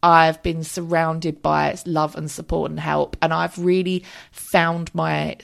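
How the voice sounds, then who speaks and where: A woman in her thirties talks through her own podcast in an easygoing, candid way, peppering her chat with ums and the odd swear word. Her voice sits a little low and carries a gravelly edge. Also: little pitch movement, slow pace. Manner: chatty, candid, swears casually, frequent ums. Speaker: podcast host. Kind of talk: casual solo podcast chat.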